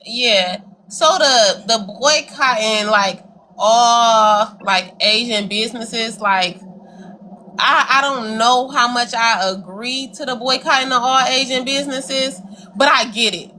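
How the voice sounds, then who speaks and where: Chatty woman co-hosting a stream, aave, pretty high voice, real bright and sharp, bit of faint room noise behind. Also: takes it slowly. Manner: chatty, addresses viewers as y'all. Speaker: co-host. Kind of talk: casual livestream chat. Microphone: video call.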